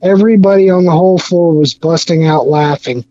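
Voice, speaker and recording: A rather high-voiced man from Arkansas, rambling through jokey prank stories with many restarts. The sound is dull and lo-fi, as if through a cheap mic. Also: fairly quick, dark tone, no room sound. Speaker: podcast guest. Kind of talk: casual storytelling chat.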